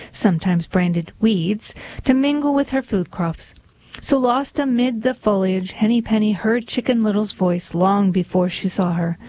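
A woman reading poetry and a humorous storybook aloud in a slow, measured, deliberate way. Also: medium pitch, warm tone, no room sound, rough recording. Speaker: reader.

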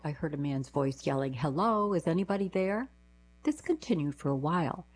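A woman reading short newspaper diary columns aloud for a radio reading service, in a plain, even manner. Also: low voice, slightly rough, rough recording.

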